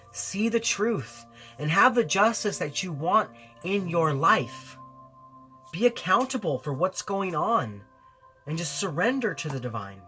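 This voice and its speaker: A man's voice: high voice, pushed and bright. A man giving a weekly tarot reading to camera in an earnest, encouraging way, often repeating phrases for emphasis. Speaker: tarot reader.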